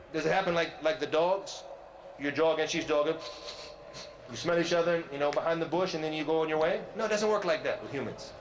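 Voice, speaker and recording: Into a close microphone with a little hiss or hum, a visiting sheikh from the USA lectures loudly to a youth audience in a big multi-floor community centre hall. Slightly high-voiced and by his own account loud, he lively fires questions at listeners and teases their silence.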